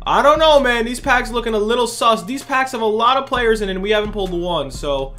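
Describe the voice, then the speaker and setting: A young man, a gaming YouTuber, giving excitable, slangy pack-opening commentary full of shouts of disbelief. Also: very high voice, brisk, soft background music.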